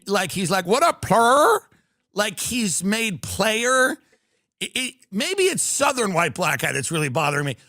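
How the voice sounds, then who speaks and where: A man's voice: high voice, no room sound, studio quality. A middle-aged man from New York, telling rambling, jokey stories on a live stream. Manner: rambling, animated, jokey rants with quoted impressions. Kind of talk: casual live-stream storytelling.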